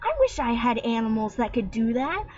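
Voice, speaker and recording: A young woman with a somewhat high voice rants in a casual vlog. She rambles and mocks with sarcasm. The webcam audio sounds dull and lo-fi. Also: big pitch swings, normal speed, darkish tone. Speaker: vlogger. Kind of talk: casual rant.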